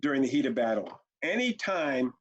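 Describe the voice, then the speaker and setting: Speaking at an ordinary pace in a medium, sing-song voice, this man leads a webinar on parenting. His style is direct and punchy, and now and then he performs conversations between a parent and a child, all captured in muffled lo-fi audio.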